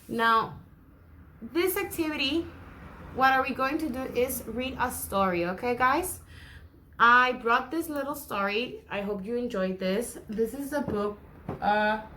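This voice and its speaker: A woman's voice: on the high side, takes it slowly, pushed and bright. A woman teacher talks unhurriedly and kindly to small children, drawing out her words. She explains a craft activity and then reads a picture book aloud, imitating animal sounds for the class. A faint hiss sits under her voice. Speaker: first grade teacher. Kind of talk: remote class lesson, crafts and read-aloud.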